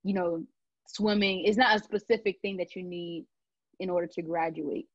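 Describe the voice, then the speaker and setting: A woman's voice: on the low side, steady tone, normal speed, no room sound. Chatty young woman interviewer, dry dull sound. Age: young adult. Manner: chatty, full of fillers and restarts. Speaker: student interviewer. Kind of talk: casual oral history interview.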